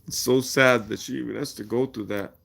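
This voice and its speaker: A man's voice: mid-range voice, steady tone, a little fast, gravelly, fairly bright tone. A man hosting a livestream, ranting in a heated, profane and threatening way, repeating himself. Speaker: livestream host. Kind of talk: angry livestream rant.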